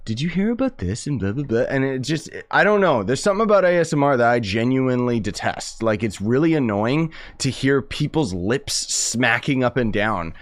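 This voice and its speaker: A man's voice: medium pitch, animated, moderate pace, hardly any pauses, no echo. A man streaming a game, chatting casually, rambling and joking with lots of restarts. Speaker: gaming streamer. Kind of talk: casual gameplay chat.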